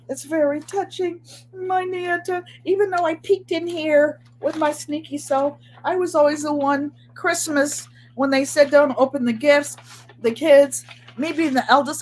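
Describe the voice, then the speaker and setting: A woman's voice: high-pitched, measured pace, slight background noise. An older woman hosting a sewing and crafts channel, chatting casually to viewers in a rambling way and often repeating herself. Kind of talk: casual live chat.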